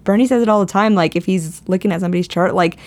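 A woman's voice: on the low side, very fast, darkish tone, no room sound. A young woman co-hosting a podcast, explaining astrology in a rambling casual way with many restarts and frequent laughs. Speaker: podcast co-host. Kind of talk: casual chat about astrology.

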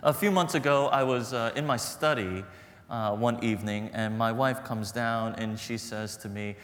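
A man's voice: mid-range voice, moderate pace, a bit bright, long reverb tail. A man preaching a sermon as pastor, earnest and storytelling, repeating phrases for emphasis.

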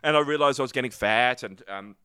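A man's voice: medium pitch, fairly quick, pushed and bright, clean tone, dry recording, clean studio sound. A young man, casually chatting and swearing as a podcast co-host, rambling through stories. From New Zealand. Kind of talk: casual chat.

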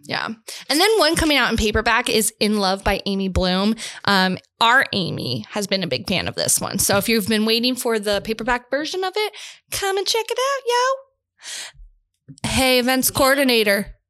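A woman co-hosting a casual bookstore podcast, playful and quick to laugh. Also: on the high side, very animated, pushed and bright. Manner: bubbly, giggly, playful. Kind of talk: casual chat.

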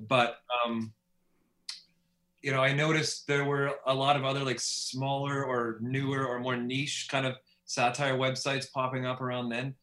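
In a level, measured delivery at medium pitch, his voice comes across pushed and bright. The man, a Canadian author from Steinbach, Manitoba, is an easygoing podcast guest with light laughs, recorded in an echoing room for a casual interview.

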